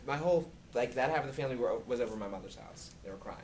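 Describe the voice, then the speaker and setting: A man answering student questions in casual talk at a university, animated and acting out quoted dialogue from his own stories. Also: mid-range voice, rapid-fire, slight background noise. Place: university lecture room.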